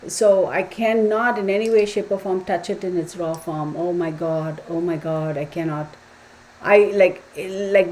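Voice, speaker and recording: Chatty woman, slightly low voice. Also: a little mellow, a little hiss or hum, poor audio. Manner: chatty, rambling, says y'all. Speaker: live stream host. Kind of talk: casual chat with live viewers.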